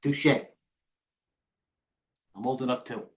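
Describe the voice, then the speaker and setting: Speaking extremely slowly at medium pitch, a man in his 50s hosts a live trading stream. His casual market commentary is brash and rambling; he reads out chat and lets swear words slip.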